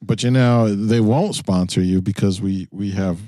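Man, New York accent, low voice, wry and measured, casual chat, dry close sound. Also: mellow, dry recording. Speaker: podcast co-host. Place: in a car.

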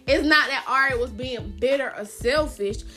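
A young woman with a high voice hosts a solo podcast, talking straight to her listeners in a blunt, animated rant with plenty of swearing. Her voice cracks now and then. Faint music plays underneath. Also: moderate pace. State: voice cracking, clearing throat. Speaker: podcast host.

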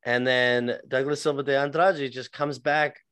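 A man's voice: mid-range voice, steady tone, moderate pace, fairly bright tone, clear, resonant tone, dry recording. Rambling, joking male podcast co-host. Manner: rambling, joking, stumbles over names. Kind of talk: casual chat about fights.

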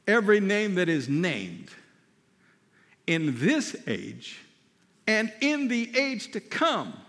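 Lively high-voiced male preacher in a hall. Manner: emphatic preaching, slows and drops to a hush for stress. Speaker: pastor. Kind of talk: sermon.

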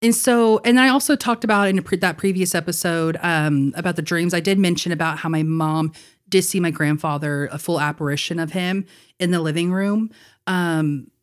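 A young woman co-hosting a podcast, telling a personal story in a casual chat, laughing often and leaning on fillers like "like" and "you know.". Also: on the low side. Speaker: podcast co-host.

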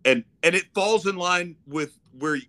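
A man co-hosting a casual faith podcast, speaking in a reflective, thoughtful, somewhat halting way. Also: high-pitched, sharp tone. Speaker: podcast co-host.

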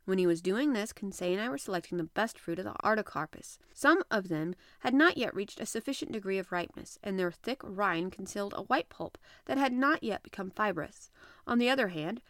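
A woman reading an adventure novel aloud as an audiobook narrator, in a measured, even manner. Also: mid-range voice, dry recording, studio quality. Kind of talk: scripted narration.

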